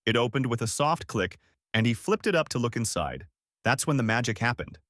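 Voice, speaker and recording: A man's voice: medium pitch, lively intonation, brisk, a bit bright, no room sound, studio quality. A man telling a first-person story in a wry, sardonic scripted narration.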